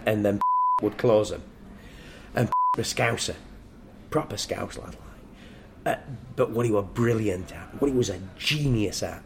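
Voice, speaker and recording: An older man telling stories in casual podcast chat, crude, profane and joking. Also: lowish voice. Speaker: guest storyteller.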